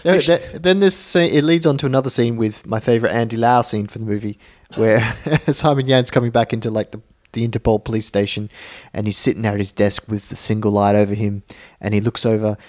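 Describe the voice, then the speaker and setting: A man's voice: fairly low pitch, fairly even intonation, brisk, hardly any pauses, a little mellow. A man casually retelling film scenes on a podcast, with frequent laughs and filler words. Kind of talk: casual film review chat.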